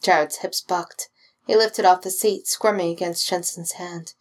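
A woman reading a story aloud, her voice sitting a little low. Her delivery is steady and expressive, like a home-recorded fan reading. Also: unhurried, husky. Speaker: reader.

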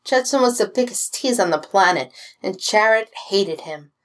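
A woman reading fan fiction aloud with steady, expressive storytelling. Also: mid-range voice, measured pace. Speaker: reader.

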